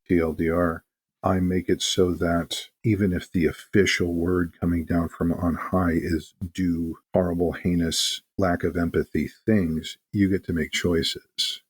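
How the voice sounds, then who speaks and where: Speaking in a low voice with a breathy edge, a man who works as a game master chats casually as an interview guest, animatedly telling stories and acting out quotes.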